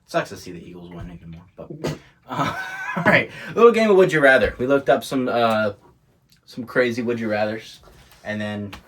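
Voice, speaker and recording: A man's voice: mid-range voice, animated, moderate pace, a bit bright. A man co-hosting a podcast, talking in a laid-back, casual way and laughing often. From England. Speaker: podcast co-host. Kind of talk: casual chat.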